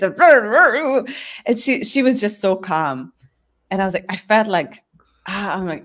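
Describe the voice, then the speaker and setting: A woman's voice: medium pitch, lively intonation, normal speed. A woman hosting a casual live chat, talking candidly with frequent laughs and restarts. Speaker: host.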